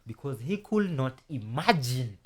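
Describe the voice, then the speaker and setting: A man with a Kenyan accent telling a story to his viewers in an animated, chatty way, speaking straight to his audience. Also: mid-range voice, a little slow, husky. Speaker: storytelling channel host.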